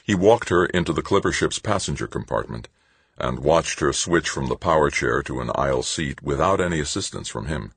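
Deep, husky male audiobook narrator, measured and dry. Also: lively intonation, fairly bright tone, no echo. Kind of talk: scripted narration.

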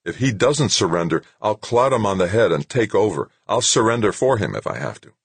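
A man's voice: fairly low pitch, very animated, fairly quick, creaky, slightly rough, no echo, pitched above the performer's own voice, exaggerated voice. A man reading an audiobook, voicing a big, cheerful man who talks in a hearty, reassuring way.

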